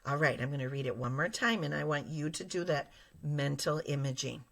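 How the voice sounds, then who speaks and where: A woman teacher giving a lesson to young children, explaining slowly and patiently and speaking straight to her class. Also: deep voice, gravelly, fairly bright tone. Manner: slow, patient and explaining, addressing children directly.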